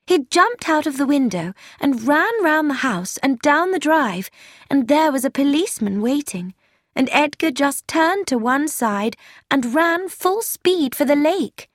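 A woman's voice: high-pitched, expressive, measured pace, no echo, clean studio sound. A woman reading a young woman's chatty, earnest letter aloud in an audiobook. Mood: confiding. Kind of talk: scripted narration.

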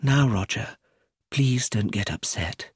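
A man voicing a quiet, composed middle-aged woman in a read story, speaking in a calm, measured way. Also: medium pitch, slightly rough, no echo, studio quality.

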